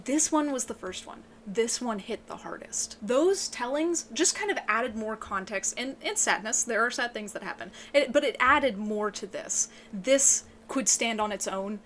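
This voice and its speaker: An excitable woman giving an emotional, casual book review, swearing often and sounding tearful. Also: normal speed, hardly any pauses, a little hiss or hum. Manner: excitable, swears a lot, voice breaks into high yelps.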